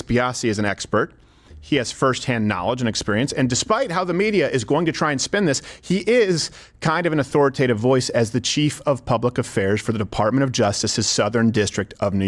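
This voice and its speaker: A man hosting political commentary, addressing viewers directly in an emphatic, argumentative way. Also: medium pitch. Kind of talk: scripted commentary narration.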